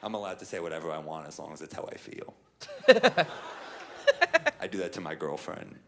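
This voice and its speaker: Male stand-up comic, sardonic and deadpan, deep and gravelly. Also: normal speed, some chatter behind, a little hiss or hum. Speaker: stand-up comedian. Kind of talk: stand-up routine.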